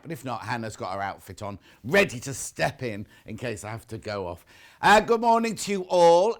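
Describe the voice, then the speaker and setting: A man's voice: sits high, a bit bright. A British man presenting a live shopping show in a windowless studio, chatting and reading out viewer messages.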